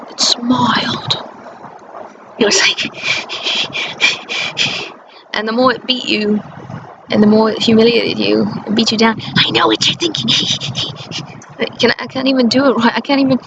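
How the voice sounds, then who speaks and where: Woman, vlogger, rambling monologue, halting, gravelly, muffled lo-fi sound, clear background noise. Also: a little high. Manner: halting, full of restarts and nervous laughter.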